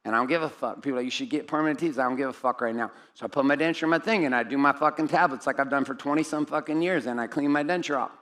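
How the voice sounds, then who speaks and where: Talking very fast with few pauses, a middle-aged event speaker delivers a blunt, profane motivational talk onstage to a room full of men. He swings between loud outbursts and low, intimate asides.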